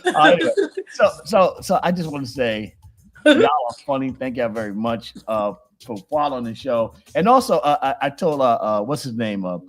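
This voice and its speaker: A male host in casual comedic chat, animated and laughing often, cursing freely. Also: moderate pace, creaky. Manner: animated, laughing, cursing, jumps to high-pitched bits.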